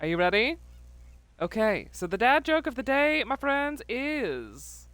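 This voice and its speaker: Woman streamer, animated and laughing, slow lively delivery, dry close mic. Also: on the high side, no echo. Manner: animated, laughs often, reads chat messages aloud. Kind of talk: casual livestream chat.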